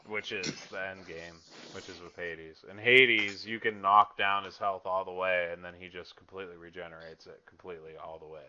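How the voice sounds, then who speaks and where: A man's voice: low voice, fairly even intonation, normal speed, few pauses, bright, forceful tone, lo-fi sound. A young man hosting a podcast, chatting casually and profanely about a video game with lots of filler words. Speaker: podcast host.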